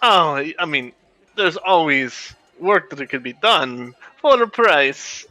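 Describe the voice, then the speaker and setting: Lively, bright-voiced male player haggling. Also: fairly high pitch, dry recording, muffled recording. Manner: haggling, halting, with restarts. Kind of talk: in-character tabletop role-play.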